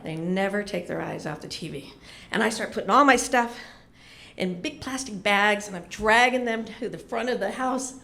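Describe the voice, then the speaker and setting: A middle-aged woman telling a comedic personal story in an animated, lively way, swearing casually. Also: medium pitch, normal speed, creaky.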